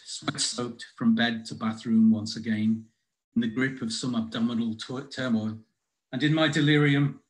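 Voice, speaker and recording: This is a middle-aged man reading his own poetry to listeners. He recites in a measured, expressive way with deliberate pauses, and his voice sits at an ordinary mid-range pitch for a man. Between poems he drops into relaxed, chatty explanations. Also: rough recording. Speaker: poet.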